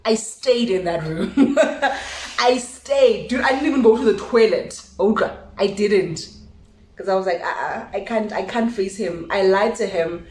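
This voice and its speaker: A young South African woman telling a story to her vlog audience in a lively way, acting out what each person said. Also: mid-range voice, a little hiss or hum. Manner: animated storytelling, switching languages, acts out dialogue. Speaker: vlogger. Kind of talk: casual storytime chat. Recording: echoey room.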